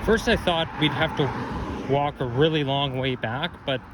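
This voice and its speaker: A man's voice: fairly high pitch, normal speed. A man vlogging as he walks city streets, chatty and rambling, correcting himself as he goes and a bit out of breath. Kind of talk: casual walking commentary. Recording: street noise behind outdoor walk. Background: traffic and street noise.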